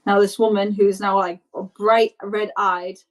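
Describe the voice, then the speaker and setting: A woman's voice: medium pitch, level tone, unhurried, poor audio. Woman game master narrating a scene. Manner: descriptive, loose, with many fillers.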